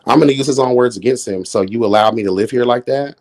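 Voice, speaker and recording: A man doing casual live-stream commentary, sassy and flamboyant, swearing often, jumping into high exclamations and chatting with viewers. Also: fairly even intonation, quick pace, hardly any pauses, darkish tone. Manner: chats with viewers in chat.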